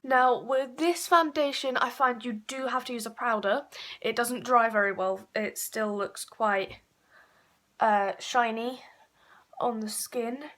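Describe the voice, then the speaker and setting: A woman's voice: on the high side, slow, a bit bright. Chatty woman doing a makeup tutorial. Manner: chatty, with frequent fillers and self-corrections. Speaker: beauty vlogger.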